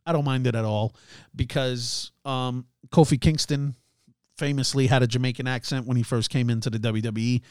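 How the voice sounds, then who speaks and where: A man's voice: mid-range voice, steady tone, normal speed, darkish tone, clear, resonant tone, no room sound, studio quality. A man hosting a casual solo commentary show, chatty, laughing at himself and restarting his sentences often. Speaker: podcast host.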